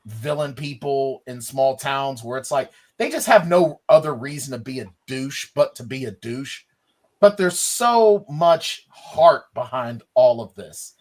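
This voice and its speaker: A man co-hosting a podcast, chatting enthusiastically about films and rambling a little with fillers. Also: a little high. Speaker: podcast co-host. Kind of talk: casual film review chat.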